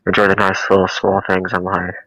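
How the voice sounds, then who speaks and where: A man's voice: low-pitched, completely flat delivery, a little fast, fairly bright tone, no echo, poor audio. A man joking playfully and boasting in a casual live-stream chat.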